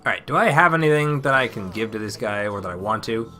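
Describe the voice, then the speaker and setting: A man's voice: lowish voice, fast talker, hardly any pauses, soft background music. A man casually reading a video game's narration aloud and commenting as he plays. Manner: casual, reads narration with lively delivery. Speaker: let's play gamer.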